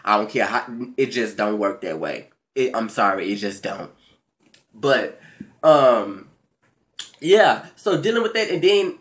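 A man giving a casual recap rant as a vlogger, sassy and profane, with his pitch swooping up and down. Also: fairly bright tone. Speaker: vlogger recapping a reality show.

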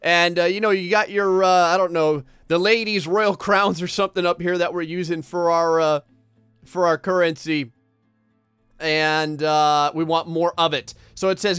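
A man's voice: high voice, steady tone, moderate pace, a bit bright, clear, resonant tone, dry recording, clean studio sound, faint music behind. A young man doing casual, jokey gameplay commentary, rambling and talking straight to his viewers. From New Jersey, United States. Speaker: gaming YouTuber.

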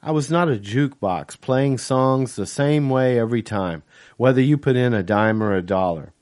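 In a mid-range voice, an author reads his novel as a first-person audiobook. He keeps the narration measured and consistent from line to line.

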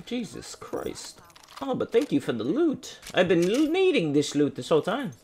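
A man's voice: high-pitched, moderate pace, slight background noise. A man giving live commentary over his own gameplay, taunting opponents and talking to himself as he plays. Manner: animated, taunts enemies, talks to himself. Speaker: gaming streamer.

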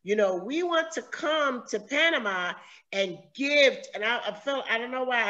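A woman's voice: fairly high pitch, lively intonation, normal speed, bright, forceful tone, dull audio. A woman from the United States interviewing a guest over a video call, speaking earnestly and emotionally with many fillers.

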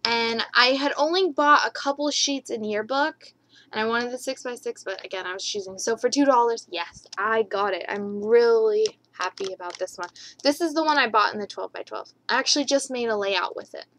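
Woman vlogger, bubbly high voice, gushing show-and-tell haul, chatty and rambling. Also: fairly quick, a bit bright, slight background noise, rough recording. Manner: gushing, repeats her enthusiasm ("love, love, love").

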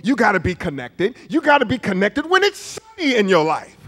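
A man in his fifties preaching a sermon, putting questions to the congregation and swinging from hushed asides to shouts. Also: high voice, huge pitch swings, brisk. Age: 50s. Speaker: pastor. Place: church sanctuary. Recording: church hall reverb.

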